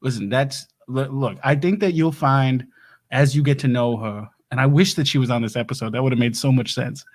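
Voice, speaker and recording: A man's voice: mid-range voice, fairly quick, a little mellow, natural voice. A man playing a bumbling doomsday prep lecturer and husband, stammering and backpedalling in an improv comedy livestream. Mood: flustered. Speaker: host.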